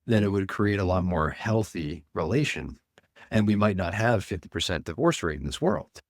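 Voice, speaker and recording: A man, a men's coach, speaking earnestly and deliberately as a guest in an interview. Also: sits low, expressive, no room sound, clean studio sound. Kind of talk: reflective interview talk.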